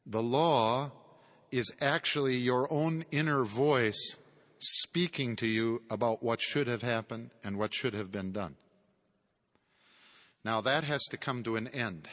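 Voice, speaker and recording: A man's voice: mid-range voice, slow pace, a bit bright. A man giving a conversational theology lecture with chuckling asides. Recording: long hall reverb.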